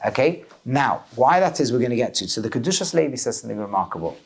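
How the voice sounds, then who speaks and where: A man teaching a lively class as a rabbi, questioning his students and mixing Hebrew terms into English. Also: medium pitch, fast talker, creaky, husky. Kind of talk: lively Torah class lecture.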